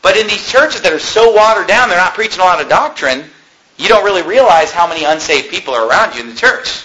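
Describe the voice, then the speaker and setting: A man's voice: high voice, lively intonation, fast talker, pushed and bright, low-quality recording. A man preaching by telling a story, conversational and wry, tossing in "you know" and "okay?" as he goes. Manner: wry, joking asides. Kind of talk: sermon storytelling.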